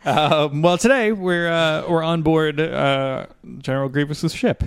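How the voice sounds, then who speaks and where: A man's voice: fairly high pitch, unhurried, clear, resonant tone. A man hosting a podcast, chatting casually with frequent fillers and restarts. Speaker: podcast host.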